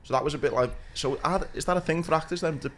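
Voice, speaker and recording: A man co-hosting a casual chat, quick and excitable as he talks. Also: a little high, a little hiss or hum.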